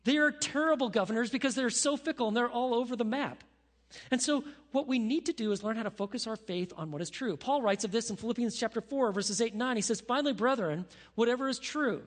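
A man preaching a sermon as pastor, animated, dropping to a hushed voice when he prays. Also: very high-pitched, big-room sound. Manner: animated, drops to a hushed voice for prayers.

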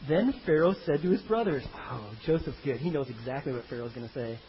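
A man preaching a sermon in an animated, comic way, acting out the story as he goes. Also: medium pitch, fairly quick, highs cut off, slight background noise. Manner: animated, comic, acts out biblical characters in funny voices. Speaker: pastor.

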